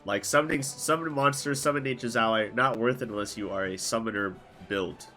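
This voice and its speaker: A man's voice: mid-range voice, a little fast, sharp tone, faint music behind. A man guesting on a gaming podcast, talking casually and leaning heavily on "like". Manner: casual, heavy use of "like".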